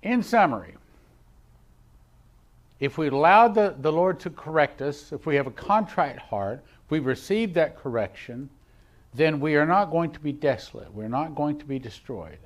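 Man preaching with loud-soft swings. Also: on the high side, animated, normal speed. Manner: swings between loud emphatic scripture reading and quiet asides; reads King James verses aloud. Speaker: pastor. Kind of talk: sermon.

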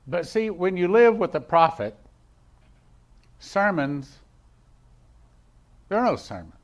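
A man with a somewhat high voice preaches a church sermon. He reads scripture with rising force, then drops to near-quiet asides to drive a point home. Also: very animated, slow pace, creaky, pauses often. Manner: swings between loud emphatic scripture reading and quiet asides; reads King James verses aloud. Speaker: pastor.

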